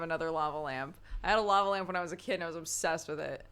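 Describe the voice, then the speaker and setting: A woman's voice: deep voice, racing, hardly any pauses, a bit bright, smooth. A woman streaming a game, chatting casually with viewers in a rambling way and laughing often. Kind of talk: casual chat with viewers while gaming.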